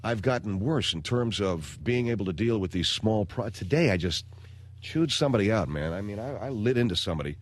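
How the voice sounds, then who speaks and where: A man's voice: on the low side, animated, a little fast. A man hosting a radio talk show, delivering a rambling, exasperated comedic monologue on a studio mic.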